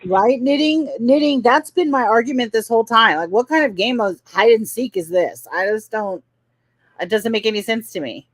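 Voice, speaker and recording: A woman co-hosting a casual reaction chat, animated and quick to act out what others said. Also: a little high. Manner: animated, acts out quotes, swears. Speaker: co-host.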